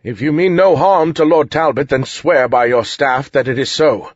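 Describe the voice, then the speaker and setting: A nervous, formal herald soldier speaks up high and loud, as a male narrator puts him on. The voice is husky and dry, with a dull, lo-fi sound. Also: moderate pace, no room sound, close to an everyday voice.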